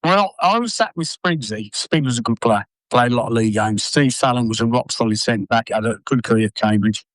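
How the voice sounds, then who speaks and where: An older former footballer telling blunt, sweary stories in an interview. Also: male voice, mid-range voice, brisk, hardly any pauses, no echo, rough recording. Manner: blunt, sweary, animated anecdotes. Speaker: former footballer and manager, guest. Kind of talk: casual storytelling interview.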